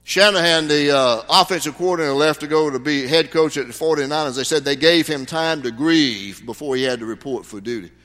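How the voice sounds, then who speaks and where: Pastor guy preaching, folksy then punchy, bright voice, big reverby church. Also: fairly high pitch, a little fast, hardly any pauses. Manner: folksy preaching with sudden emphatic rises. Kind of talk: sermon. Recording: long hall reverb.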